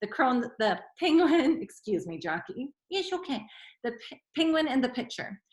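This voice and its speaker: A woman teacher reading a fable to children and chatting gently in between, calling them friends. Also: high-pitched, very animated, moderate pace. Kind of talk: storytime reading and chat. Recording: echoey room.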